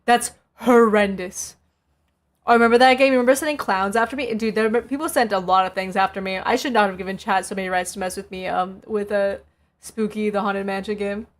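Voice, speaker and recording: A woman's voice: medium pitch, fairly even intonation, fairly quick. A woman streamer chatting casually and laughing as she looks back on her old clips. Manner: laughing, reminiscing, slangy.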